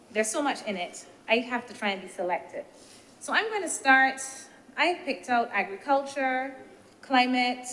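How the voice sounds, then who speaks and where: A woman senator, giving a measured, deliberate speech in a parliamentary debate and posing rhetorical questions. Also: fairly high pitch, fairly bright tone. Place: senate chamber. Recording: reverberant chamber with faint background noise.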